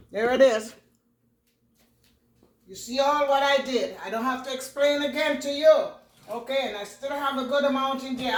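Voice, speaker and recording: Lady cooking and chatting at home, kinda high voice, far from the cam. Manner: chatty, repeats phrases, thanks viewers warmly. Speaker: cooking vlogger. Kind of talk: casual cooking vlog. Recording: echoey room, voice off-mic.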